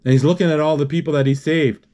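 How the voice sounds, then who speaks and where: A man retelling a film scene by scene in an unscripted, halting way, with many restarts and spoken sound effects. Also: fairly high pitch, steady tone, warm tone.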